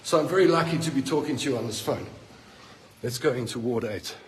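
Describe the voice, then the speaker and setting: A man's voice: medium pitch, a little fast. A man, filming himself on a phone in a hospital ward as a patient, speaking bluntly and with indignation and repeating himself when he gets worked up. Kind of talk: angry phone-video rant. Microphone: phone held by the speaker. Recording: echoey ward with long reverb and faint noise.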